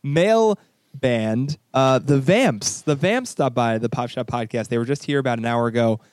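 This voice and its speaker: A young man hosting a casual music podcast, chatty and halting with lots of fillers and restarts. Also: mid-range voice, lively intonation, darkish tone. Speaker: podcast host. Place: New York studio.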